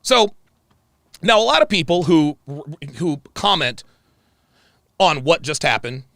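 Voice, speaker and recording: A man's voice: takes it slowly, no room sound, clean studio sound. A man hosting a livestream, delivering a heated, profane rant and repeating phrases for emphasis. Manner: angry, profane, repeats himself; animated pitch swings. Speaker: show host.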